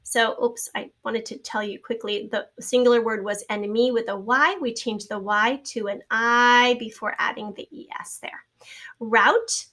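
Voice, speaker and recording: A middle-aged woman teaching a recorded spelling lesson, patiently spelling out letters and sounds and trailing off into soft asides. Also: fairly high pitch, measured pace.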